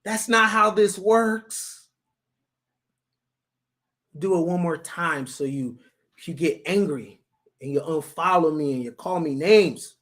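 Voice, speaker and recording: A man's voice: on the high side, slow pace, long pauses, fairly bright tone. A man hosting a provocative commentary, talking bluntly and lecturing his viewers. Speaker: host.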